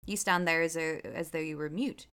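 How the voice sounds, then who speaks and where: Woman reader doing a menacing old storybook witch, low, stern, bossy. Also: fairly even intonation, moderate pace, a bit bright, smooth. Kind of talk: storybook reading.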